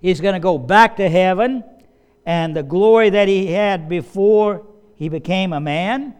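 A man's voice: sits high, a little slow, darkish tone, smooth. A man preaching a sermon to his congregation in a conversational way, with casual asides to the listeners and the odd cough. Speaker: pastor. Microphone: slides and study sheet, speaking to a congregation.

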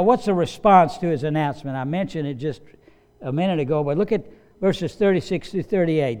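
A man's voice: mid-range voice, darkish tone. A man preaching a sermon as pastor, emphatic and repeating key phrases for weight.

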